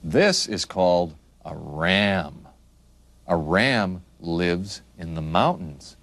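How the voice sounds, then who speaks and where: A man slowly naming animals for young children in a patient, sing-song teaching voice and asking the listener questions. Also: sits low, lively intonation, fairly bright tone, dry recording. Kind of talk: children's picture-book narration.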